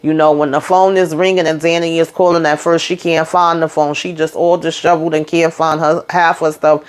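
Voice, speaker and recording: Animated woman recapping a TV episode. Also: a little fast, clean tone. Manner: animated retelling, acts out quotes with rising pitch. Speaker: TV recap YouTuber.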